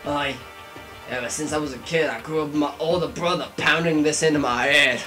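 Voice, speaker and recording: A man's voice: on the high side, fairly quick, sharp tone, faint music behind. A young man doing a drunken comic dub of game dialogue, mock-dramatic and sweary. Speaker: player voicing game dialogue.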